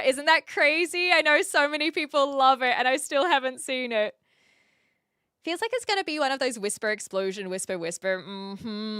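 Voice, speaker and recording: Woman streamer, casual chat, earnest with many restarts, bright and slightly high voice, dry close mic. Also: clean tone, no room sound. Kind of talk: casual chat reading viewer comments.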